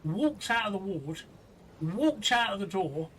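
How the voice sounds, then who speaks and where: A man's voice: high-pitched, big pitch swings, a little slow, a bit bright. A man hosting a live stream, talking earnestly and indignantly, often repeating himself. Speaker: host of a live stream show. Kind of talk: casual live-stream chat. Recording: distant from the mic with faint noise.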